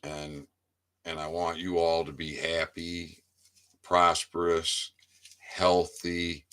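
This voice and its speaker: A man's voice: low-pitched, level tone, slow, sharp tone. A man giving a rambling casual monologue to his viewers, stammering over repeated words and swearing freely. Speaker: independent online commentator.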